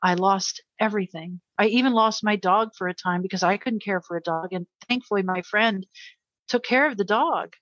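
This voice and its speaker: A woman's voice: medium pitch, normal speed, fairly bright tone, no echo, highs cut off. A middle-aged American woman, a guest in an interview, telling a personal story with earnest emotion and frequent repetition.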